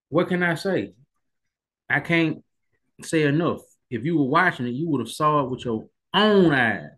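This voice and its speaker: A man's voice: medium pitch, lively intonation, measured pace, fairly bright tone, slightly rough. A man giving a casual, emphatic opinion monologue on college football, repeating himself for emphasis and getting heated. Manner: emphatic, repetitive, colloquial, rising to heated emphasis. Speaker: sports commentary vlogger.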